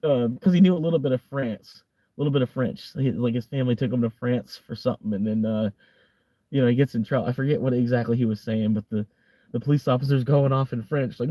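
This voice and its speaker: A man's voice: mid-range voice, fast, mellow, no room sound. A young American man chatting casually on a livestream, rambling with lots of fillers and frequent laughter. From United States. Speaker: livestream host.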